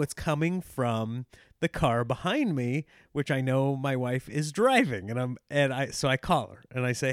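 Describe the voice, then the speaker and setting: A man's voice: clear, resonant tone, no room sound, studio quality. A man, hosting a podcast and telling a family story with laughs and mimicked voices. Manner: animated, laughing, mimicking others in high voices. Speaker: podcast host. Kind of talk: casual storytelling monologue.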